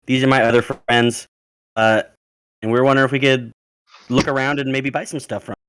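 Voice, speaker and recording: Dude playing a chatty halfling guy, loud and fast, super friendly, dry mic. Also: mid-range voice, level tone, smooth, no room sound, lightly acted. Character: eager chatty halfling adventurer man.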